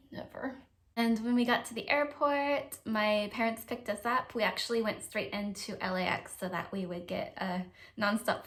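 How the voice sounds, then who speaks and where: A woman with an American accent, chatting casually to camera in a vlog, talkative and self-deprecating with lots of hedges. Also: medium pitch. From United States. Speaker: vlogger.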